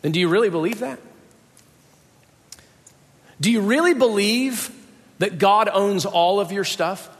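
A man's voice: sits high, unhurried, pauses often. A man preaching a sermon, emphatic and repeating rhetorical questions. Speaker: pastor. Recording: long reverb of a large hall.

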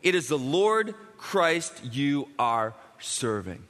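A man preaching a sermon as a pastor, emphatic and animated, swinging from loud bursts to quiet, intimate lines. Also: fairly high pitch, slow, slight background noise. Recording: long reverb of a large hall.

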